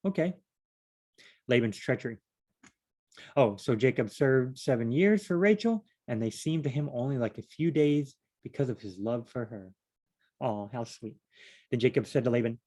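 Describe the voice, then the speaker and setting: This man reads Bible passages aloud and then talks them over in a loose, conversational way. He drifts into side stories and restarts his sentences often. His voice sits at an ordinary middle pitch. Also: normal speed, darkish tone. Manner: digressive, chatty asides and restarts. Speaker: Bible study vlogger. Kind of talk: reading scripture aloud with casual commentary.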